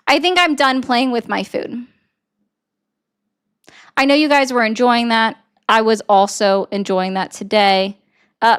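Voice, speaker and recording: Higher-voiced lady streamer reading chat out loud, snarky and casual. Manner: sarcastic, reads out and answers viewer comments. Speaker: political commentary livestream host.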